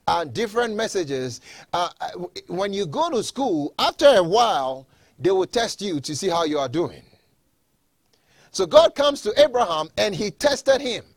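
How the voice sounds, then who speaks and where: A man's voice: sits high, no room sound. A male pastor reading scripture aloud and then preaching a sermon with emphatic repetition.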